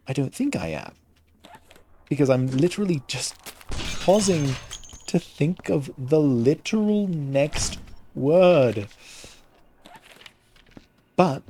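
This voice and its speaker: A man giving casual gameplay commentary into a headset, pausing often to find the next word. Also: fairly low pitch, darkish tone, a little hiss or hum. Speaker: gaming streamer.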